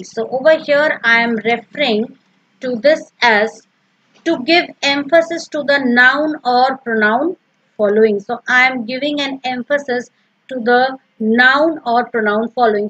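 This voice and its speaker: A woman's voice: sits high, measured pace, fairly bright tone, muffled recording. A woman teaching a recorded grammar lesson, patiently repeating each example and explaining step by step.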